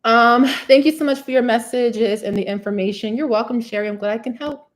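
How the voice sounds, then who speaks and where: A woman's voice: fairly high pitch, a little fast. A woman from New Jersey with a New Jersey accent, hosting a live hair care Q&A in a chatty style full of "you know what I'm saying". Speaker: curly hair care host answering live questions. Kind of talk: live Q&A chat. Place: indoors, live stream.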